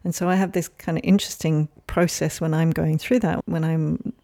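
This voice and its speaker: Gentle woman podcaster with a gravelly voice. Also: deep voice, flat delivery, normal speed. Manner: gentle, soft-spoken, caring. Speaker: podcast host. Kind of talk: reflective solo podcast monologue.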